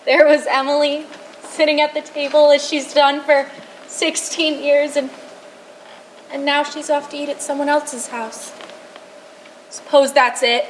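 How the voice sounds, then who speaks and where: A fretful mother of the bride, played by a young actress, rambles in halting, tearful phrases. Her voice sits high. A faint room hum is heard behind her on the stage. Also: little pitch movement, rough recording. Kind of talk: live stage acting.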